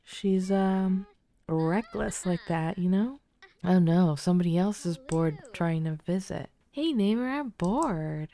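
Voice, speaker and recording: A woman hosting a game playthrough, giving casual commentary in a soft-spoken way that drifts into whispers. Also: fairly low pitch, steady tone, unhurried. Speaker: let's play host.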